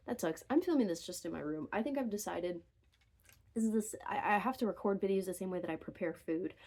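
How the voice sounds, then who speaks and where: A woman's voice: mid-range voice, lively intonation, a little fast, a little mellow. A young woman talks straight into her phone from her bedroom in an unscripted, rambling rant. She interrupts herself often and drifts into wry asides before pulling back on track. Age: young adult. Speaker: vlogger. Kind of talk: unscripted casual rant to camera. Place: bedroom at home. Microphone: phone camera.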